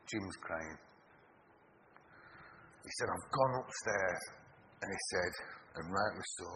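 A man preaching a sermon, telling stories and swinging between loud urgency and hushed tones. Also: deep voice. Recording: long hall reverb with background noise.

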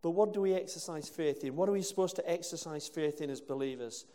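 English guy preaching, slightly higher voice, lots of asides and questions, echoey church. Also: quick pace, warm tone. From England. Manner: conversational, with asides and rhetorical questions. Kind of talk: sermon. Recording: long hall reverb.

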